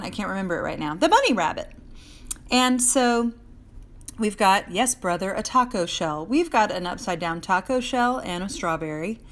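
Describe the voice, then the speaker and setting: A woman teaching a live drawing lesson to children, chatting and encouraging as she draws, recorded on a handheld phone. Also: medium pitch. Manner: chatty, encouraging, talks while drawing and answers viewers by name. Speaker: art teacher. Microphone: phone held in hand.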